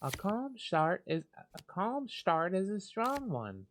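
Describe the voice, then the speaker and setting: A man voicing a gentle young woman villager in a cozy farming game, with a Southern US accent and a slow, sing-song, genteel manner. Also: high voice, big pitch swings, a little hiss or hum, pitched above the performer's own voice, exaggerated voice. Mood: sweet, genteel.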